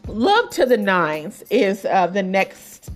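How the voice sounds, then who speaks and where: A woman talks through an album review like a podcast host among friends. Her talk wanders with fillers and quick asides, at a middling pitch, with faint music underneath. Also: sing-song. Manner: chatty, many fillers and asides, laughs at her own jokes. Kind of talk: casual album review chat.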